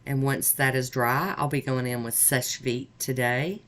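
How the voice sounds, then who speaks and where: A woman's voice: a bass voice, fairly even intonation, a little slow. Chatty woman narrating a nail tutorial. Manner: chatty, upbeat, talks through each step. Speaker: nail art vlogger.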